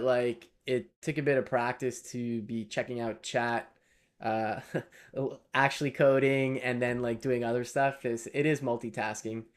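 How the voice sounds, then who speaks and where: A man's voice: mid-range voice, gravelly. A man, live-streaming while he codes, thinking aloud and chatting with viewers in a casual way.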